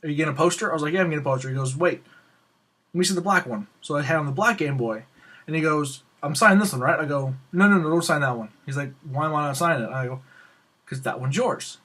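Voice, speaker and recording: A young man hosting a casual Q&A show, telling a rambling, excitable story and acting out the lines of the people in it. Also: a little high, fast talker. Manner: excitable, rambling, acts out quoted dialogue. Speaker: host of a Q&A show.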